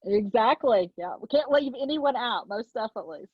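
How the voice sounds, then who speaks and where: A woman with a Southern US accent hosting a podcast, warmly affirming her guest. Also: a little high, animated, brisk, slightly rough, no room sound, muffled recording. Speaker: podcast host. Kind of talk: casual podcast conversation.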